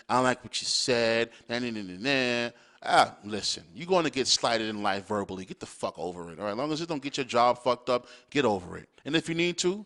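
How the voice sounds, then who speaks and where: Here a male podcast host with a medium-pitched, fairly bright voice goes on a profane, blunt rant. It's an opinionated monologue where he hammers home his points and keeps checking in with "all right?"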